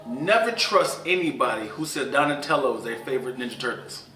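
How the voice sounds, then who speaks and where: A man co-hosting a casual podcast, bantering with playful deadpan questions. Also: medium pitch, fairly quick, distant mic, slight background noise. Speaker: podcast co-host. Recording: roomy echo, off-mic.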